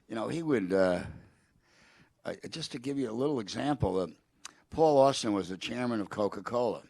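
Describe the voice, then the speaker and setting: Older guy telling old stories, lots of restarts, kinda gravelly, lowish voice. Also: darkish tone, no room sound. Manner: rambling anecdotes with restarts, quoting a president. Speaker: guest. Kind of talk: storytelling in a public conversation.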